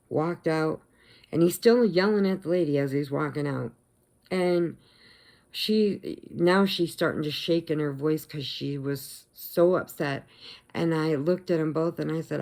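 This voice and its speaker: A middle-aged woman chats through a personal vlog story in a low, gravelly voice. She speaks slowly and unhurriedly, yet gets animated, and her voice jumps up when she acts out what people said. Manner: chatty, animated retelling with acted quotes. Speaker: vlogger.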